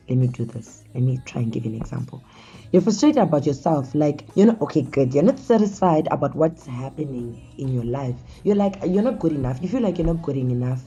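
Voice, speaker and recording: A woman's voice: extremely low pitch, mellow. A woman hosting a casual talk show, speaking conversationally and often calling her listeners "guys". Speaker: host.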